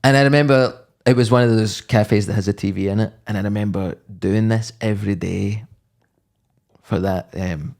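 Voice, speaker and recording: A man's voice: on the low side, fairly even intonation, normal speed, creaky, darkish tone. A man in his thirties co-hosting a podcast, telling rambling, joking stories in casual chat and sometimes breaking into sung bits. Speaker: podcast co-host.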